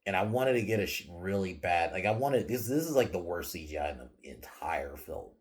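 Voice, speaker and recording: A man hosting a podcast, giving a casual film review that is animated and full of swearing, laughter, restarts and fillers. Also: low-pitched, a little fast. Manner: animated, profane, laughing often, many restarts and "like"s.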